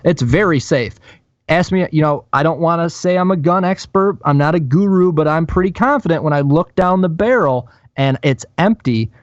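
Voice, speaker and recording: A man co-hosting a podcast, telling a profane, animated story in casual chat. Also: fairly high pitch, moderate pace, no echo, lo-fi sound. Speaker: podcast co-host.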